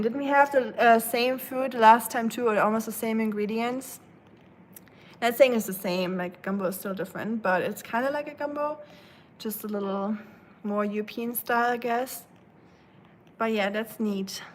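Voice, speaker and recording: Rain ambience fills the background of this rough, slightly hissy or humming recording. A woman with a fairly high voice streams live from home while it rains, chatting casually with her viewers at a normal speed. She keeps things playful and laughs often.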